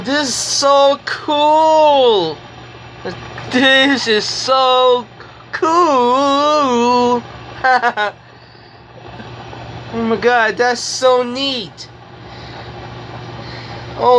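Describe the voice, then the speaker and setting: Woman vlogger, toy review; giggly, gushing, drawn-out slow delivery, faint engine noise behind. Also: high-pitched, steady tone, fairly bright tone, low-quality recording. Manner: gushing, giggly, repeats exclamations. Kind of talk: excited toy review vlog.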